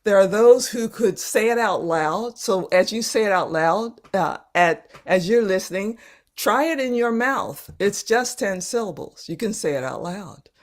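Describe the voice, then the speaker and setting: A woman leading a live online workshop over a video call, speaking gently and haltingly, repeating words as she searches for them. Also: mid-range voice, animated. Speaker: workshop facilitator.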